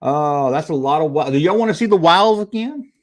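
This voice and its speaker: Rambling livestream host, talking to chat. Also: male voice, on the high side, lively intonation, brisk. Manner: rambling, reading chat aloud. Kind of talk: casual livestream review chat.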